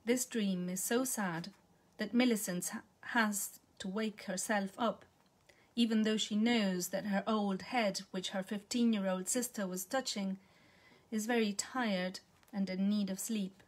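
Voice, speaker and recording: A woman reading a literary short story aloud in a measured, calm manner. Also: mid-range voice. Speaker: reader.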